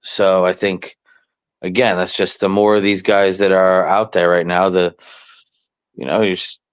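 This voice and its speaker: A man talking casually on a podcast, relaxed and halting, with many fillers and restarts. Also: deep voice, clear, resonant tone, no room sound. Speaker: wrestling promoter, show regular.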